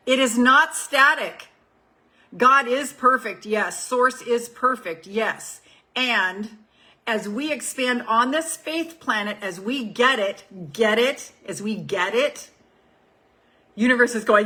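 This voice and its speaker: A woman's voice: on the high side, lively intonation, slow, sharp tone, poor audio. A woman in her seventies, a life coach, talking casually on a group call and reading affirmation cards, frank and given to repeating her points. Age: 70s. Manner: frank, swears freely, repeats phrases for emphasis.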